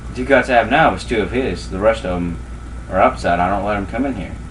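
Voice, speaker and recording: A low-voiced, cat-obsessed male thief, as played by a man recounts his crimes in a casual, matter-of-fact ramble. He is heard from a little away from the mic, with faint noise behind him. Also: fast talker, a bit bright, recorded from a distance, lightly acted, poor audio.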